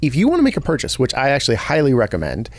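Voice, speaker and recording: A man's voice: mid-range voice, racing, dry recording. A man co-hosting a podcast, chatting casually and reading a sponsor spot. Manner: relaxed, agreeable, many fillers. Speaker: podcast co-host. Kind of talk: casual chat and host-read ad.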